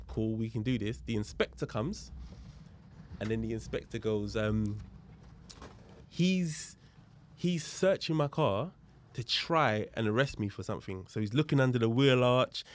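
Animated man telling a story. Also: mid-range voice, unhurried, slight background noise. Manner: animated, acts out the voices of people in his story; swears freely and uses street slang. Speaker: podcast guest, police officer. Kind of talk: casual storytelling in a podcast chat.

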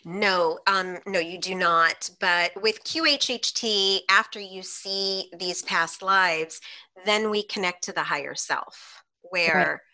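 A woman guest, a hypnotherapist, telling client stories in an animated way on a podcast and laughing often between lines. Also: lowish voice, slow. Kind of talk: podcast interview storytelling.

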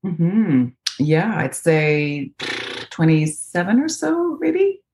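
A woman's voice: fairly low pitch, very animated, slow, warm tone. A Canadian woman with a North American accent, chatting as a voice actress guest over a video call, thoughtful, with many fillers and restarts. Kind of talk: casual interview chat. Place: home, remote video call.

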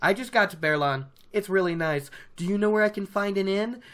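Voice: medium pitch, a little fast, a bit bright, lightly acted. A reader doing a cocky young hero. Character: cocky reckless young male farmhand hero.

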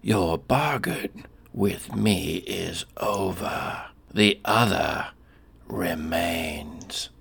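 A man voicing a vast, non-human being with a deep, broad, inhuman voice. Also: very slow, vocal fry, a bit bright, slightly rough, heavily acted. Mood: ominous.

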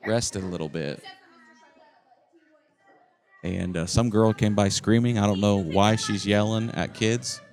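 Deep voiced guy rambling on a podcast from camp, chatty, narrating whats around him. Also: a little slow, long pauses, a little mellow. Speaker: podcast co-host. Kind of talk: casual chat. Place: campground, indoors in a noisy shared space.

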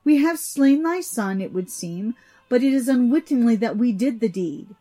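A woman's voice: fairly high pitch, expressive, normal speed, dark tone, soft background music, pitched above the performer's own voice. A woman reading a storybook, voicing the eldest male god, grave and commanding, in solemn old-fashioned speech.

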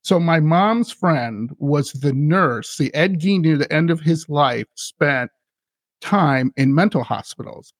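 A man's voice: a little high, expressive, takes it slowly, no room sound, studio quality. A man hosting a podcast, telling a story in an eager, rambling way with many restarts. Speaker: podcast host. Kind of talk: casual chat.

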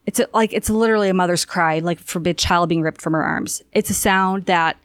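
A woman's voice: fairly low pitch, fairly quick, clear, resonant tone, no room sound. Woman guest telling a story, dry sound. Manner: lively storyteller, acts out quoted voices. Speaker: spiritual energy guide, guest. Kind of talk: casual conversation, storytelling.

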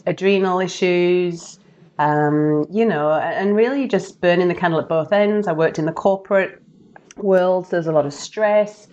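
A woman's voice: on the low side, moderate pace, a little mellow, highs cut off. A woman, a podcast guest chatting candidly in a casual interview, full of fillers. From Australia.

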